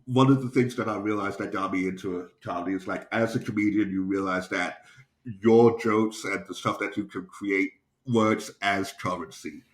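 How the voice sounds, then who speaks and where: A man's voice: on the low side, fairly even intonation, normal speed. A man, a stand-up comedian co-hosting a podcast, rambling through a story in casual chat. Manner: rambling storyteller, acts out quotes.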